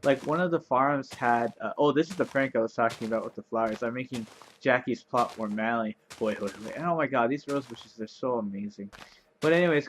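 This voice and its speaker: A man giving casual gameplay commentary, rambling and chatty with lots of fillers, playfully sarcastic and easily excited. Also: medium pitch, a little hiss or hum. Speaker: let's play commentator.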